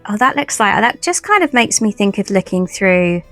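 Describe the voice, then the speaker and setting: A woman's voice: mid-range voice, big pitch swings, moderate pace, a bit bright, soft background music. A woman chatting casually in a haul video about her new tarot decks. She rambles, restarts her sentences and pokes fun at herself. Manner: chatty, rambling, self-deprecating, many restarts. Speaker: tarot vlogger.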